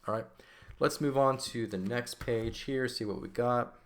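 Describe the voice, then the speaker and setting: A male Latin teacher explains grammar over a shared screen in a mid-range voice at a measured pace. The lesson feels relaxed and conversational, punctuated by frequent "right?" check-ins.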